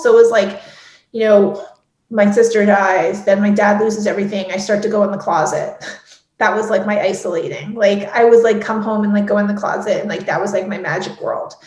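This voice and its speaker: A woman's voice: medium pitch, a little mellow. Candid woman guest with roomy echo. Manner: candid and emotional, lots of "like" fillers. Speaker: guest, head of production at an ad agency. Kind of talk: candid interview conversation.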